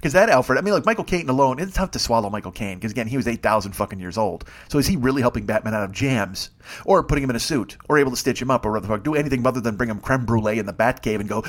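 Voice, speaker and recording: A man's voice: mid-range voice, fast talker. A man hosting a comedy podcast, delivering a rambling, profane, self-mocking monologue full of digressions. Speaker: podcast host.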